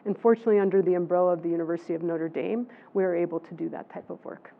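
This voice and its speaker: A woman's voice: lowish voice, steady tone, racing, gravelly, a little hiss or hum. A woman in her sixties, a professor answering audience questions in an emphatic, conversational lecture manner that drives points home by repeating them. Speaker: professor and guest speaker. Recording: tinny phone-like recording.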